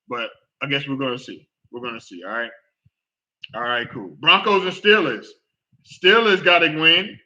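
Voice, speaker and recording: A man hosting a casual football talk show, reacting out loud with groans and exclamations as he watches a game. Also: on the high side, highs cut off. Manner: animated, exclaims and groans at plays. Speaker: sports podcast host.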